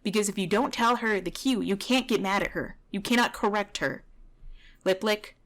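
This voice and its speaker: A woman's voice: medium pitch, normal speed, fairly bright tone. A woman dog trainer giving blunt, heated reaction commentary over a video, swearing at times.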